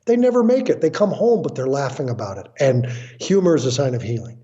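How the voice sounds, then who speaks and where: A mid-range, sing-song, dark voice comes through dull audio as this American man talks fast. A guest in an animated storytelling interview, he describes his family counseling work bluntly and emphatically, acting out what others say.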